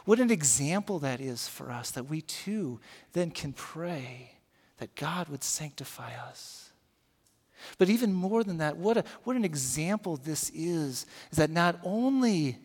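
A male pastor preaching a sermon, moving from hushed, slow prayer to loud emphatic teaching, and leading his congregation in repeating words. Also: mid-range voice. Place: church sanctuary. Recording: long reverb of a large hall.

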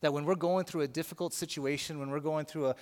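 A man's voice: fairly high pitch, fairly even intonation, fast talker, darkish tone. A male pastor preaching a sermon, telling a story with frequent restarts and repeated words. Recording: long reverb of a large hall.

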